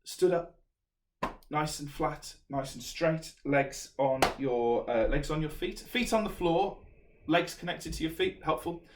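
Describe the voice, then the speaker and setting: A man's voice: a little high, measured pace, background noise. A man from England teaching an online singing lesson, chatty and self-deprecating, filmed on a camera set up in a room at home. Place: room at home during lockdown. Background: piano playing.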